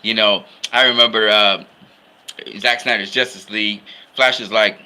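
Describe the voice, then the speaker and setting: A man's voice: on the low side, fairly even intonation, moderate pace, sharp tone, clear, resonant tone. A man talking casually about films he loves, in an enthusiastic, rambling way. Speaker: film fan commentator. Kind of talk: casual film commentary.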